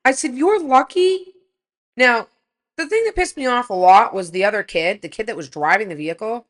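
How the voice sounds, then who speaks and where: A woman in her forties, a podcast co-host, telling an animated story in casual chat and swearing freely. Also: mid-range voice, a little fast.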